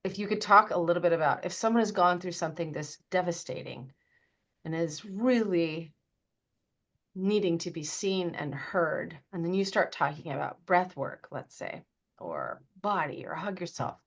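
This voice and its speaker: A woman's voice: lowish voice, expressive, normal speed. A woman moderating a webinar question session, speaking politely. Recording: muffled lo-fi audio.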